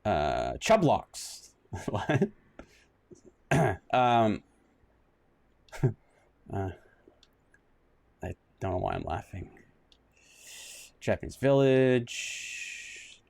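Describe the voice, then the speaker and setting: A male game streamer talks through a retro detective game in loose let's-play commentary. His voice swings up and down in pitch. He rambles, restarts his words, and breaks into sudden exclamations and self-mocking asides. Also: big pitch swings, extremely slow, creaky, long pauses, darkish tone.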